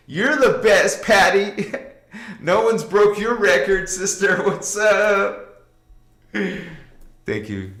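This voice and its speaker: A man's voice: on the high side, fairly bright tone, reverberant. A man hosting a casual spiritual livestream, exuberant and laughing, chanting affirmations to his viewers. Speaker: livestream host.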